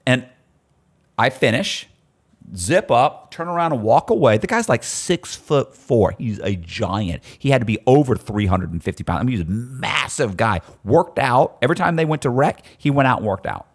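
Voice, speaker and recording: A man telling stories in casual chat, animated and often restarting his sentences. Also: mid-range voice, normal speed, slightly rough. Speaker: guest storyteller.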